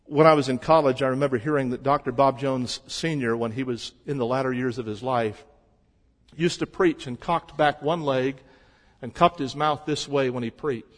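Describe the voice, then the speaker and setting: A man preaching a sermon as a pastor, shifting between quiet stretches and loud emphasis. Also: medium pitch, normal speed, big-room sound.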